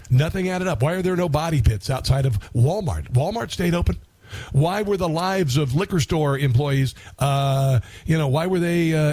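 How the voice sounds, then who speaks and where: A man's voice: fairly high pitch, dark tone, slightly rough, no echo. Combative sarcastic male talk show host. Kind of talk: opinionated talk radio monologue.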